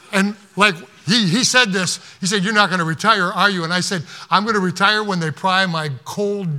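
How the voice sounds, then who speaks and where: An older male pastor preaches with fervor, his voice high and strikingly bright. He shifts between loud exhortation and hushed, personal storytelling as he quotes scripture. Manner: impassioned preaching, quoting scripture. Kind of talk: sermon.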